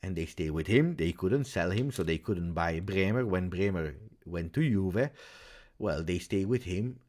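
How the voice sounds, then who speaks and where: Hosting a football reaction stream live from his home in Belgium, a deep-voiced man keeps a measured pace. He responds to viewer comments by thinking out loud, animated and full of "uh"s and questioning "eh?" tags.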